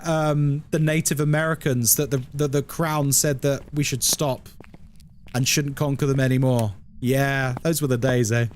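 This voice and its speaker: A man's voice: a little high, a little hiss or hum. A British man chatting casually on a live stream, wry and sarcastic as he answers his chat. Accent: British English. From Britain.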